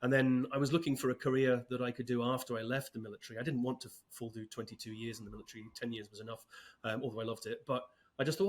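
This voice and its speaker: A man's voice: medium pitch, very fast. A man in his fifties, a podcast guest talking casually with light, self-deprecating humor. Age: 50s. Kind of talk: casual interview talk.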